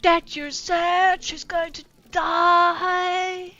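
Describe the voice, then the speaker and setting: An overwrought teenage vampire boy drags out every word, as a woman plays him. The voice sits high and moves slowly. The recording is dull, with faint music behind it. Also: flat delivery, pushed and bright, exaggerated voice. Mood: melodramatic. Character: overwrought teen male vampire lover, melodramatic.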